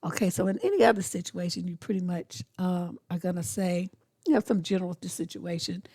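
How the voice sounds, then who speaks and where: A middle-aged woman talks straight to the listener as a dating coach, blunt and sassy. Her voice has a gravelly edge at the bottom. The sound is dry, as if the mic sits close in a small, dead room. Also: fairly low pitch, mellow, no echo. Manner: blunt, sassy, acts out quick dialogues. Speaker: relationship coach. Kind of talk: casual advice monologue.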